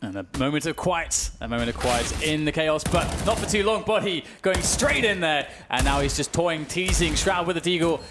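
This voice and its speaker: A British man doing play-by-play esports commentary, calm analysis that breaks into excited shouting on big plays. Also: fairly high pitch, moderate pace, hardly any pauses, over music.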